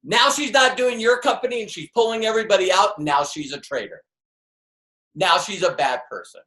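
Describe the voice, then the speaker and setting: With a high, brisk voice that's bright and forceful, this man leads a live motivational seminar on network marketing. He drives points home emphatically, poses rhetorical questions, and performs the voices he quotes; the room echoes noticeably.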